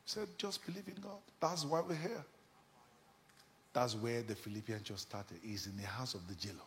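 A man preaching a sermon with fervor, swinging between sudden shouts and hushed asides. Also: medium pitch, moderate pace, in a large hall, a little hiss or hum. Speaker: pastor. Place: church.

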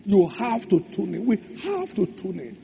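A man's voice: high-pitched, wildly swooping pitch, a little slow, creaky, mellow. A man preaching a sermon, stressing and repeating key phrases. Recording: echoey hall, dull lo-fi sound, faint hum.

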